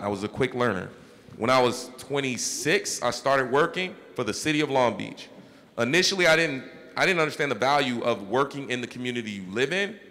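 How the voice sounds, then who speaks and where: A man's voice: medium pitch, fairly bright tone. A man in his thirties, a mayor, giving earnest, encouraging advice to young people at a town hall, often checking in with "right?". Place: large school hall. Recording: echoey hall reverb.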